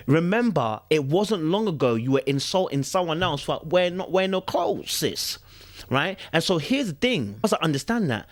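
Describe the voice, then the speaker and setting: A man's voice: on the high side, no room sound. A young man, hosting a podcast and giving his opinion in casual commentary, with lots of repetition and rhetorical questions to listeners. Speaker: podcast host.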